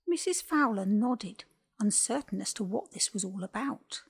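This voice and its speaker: A woman reading a scripted children's animal story slowly and gently. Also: medium pitch, animated, slightly rough.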